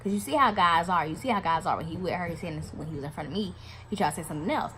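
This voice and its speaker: Animated young woman telling a storytime. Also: fast, slight background noise. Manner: animated, swearing, acts out quotes in a louder higher voice. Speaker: vlogger. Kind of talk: casual storytime.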